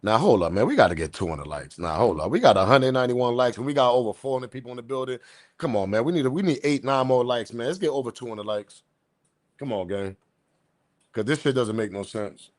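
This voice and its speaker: A man hosting a live stream, talking in a casual, rambling and slangy way, reacting to a video and shouting out viewers. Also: mid-range voice, animated, a little fast, no echo, clean studio sound. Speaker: host.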